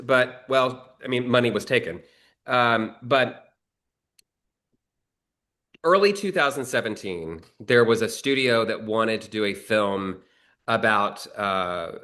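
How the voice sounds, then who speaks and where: Screenwriter guy rambling thru a story, bright punchy voice, lots of restarts, swears a bit. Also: medium pitch, animated, slow. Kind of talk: conversational storytelling.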